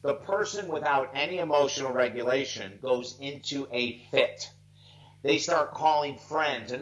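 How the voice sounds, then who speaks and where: On a video call, a life coach in his sixties tells stories with earnest emotion, close to tears, in a heartfelt, emphatic interview. His voice sits at medium pitch and moves at a normal speed, a bit bright, though the recording is rough.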